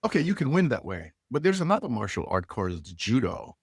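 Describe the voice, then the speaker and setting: A middle-aged man, a leadership coach, telling stories with lively inflection and acting out the dialogue. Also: medium pitch, brisk, slightly rough, no room sound, clean studio sound. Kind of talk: animated storytelling.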